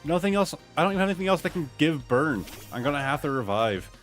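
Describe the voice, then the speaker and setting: Guy from ohio streaming a game, voice bouncing all over, gets loud and excited fast, some faint music in the back. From Ohio, USA. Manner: lively pitch that jumps up and down, excitable outbursts. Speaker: gaming streamer. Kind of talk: casual gameplay commentary.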